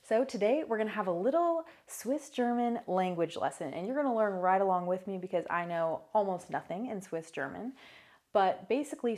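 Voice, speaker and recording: Young female vlogger, slightly low voice, loose chatty delivery with fillers. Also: a little mellow. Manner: chatty, many fillers and asides. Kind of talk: casual vlog talk. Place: new apartment.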